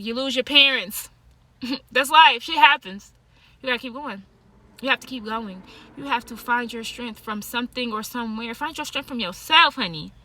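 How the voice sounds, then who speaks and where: Woman vlogger, tarot and yoga type; blunt, profane, laughs a lot; bright, fairly high voice. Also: dry recording. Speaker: tarot card reader and yoga teacher. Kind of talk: casual monologue to camera.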